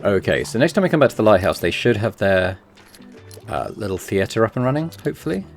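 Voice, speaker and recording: A man hosting a relaxed gameplay video, muttering to himself as he decides. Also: lowish voice, a little fast, gravelly, soft background music. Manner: laid-back, muttering to himself while deciding. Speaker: gaming channel host.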